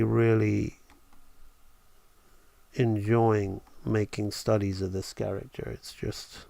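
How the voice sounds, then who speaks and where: A man talks through his drawing on a live stream, enthusiastic and thinking aloud. His voice has a gravelly edge and an unhurried pace. The sound is close and dry. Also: lowish voice, darkish tone, dry recording. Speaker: animation teacher.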